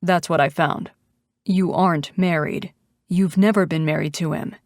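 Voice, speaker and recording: Woman reading a steady biker man, calm, reassuring, lowish voice, dry sound. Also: normal speed, dry recording, natural voice. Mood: matter-of-fact. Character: protective male biker, steady and gentle.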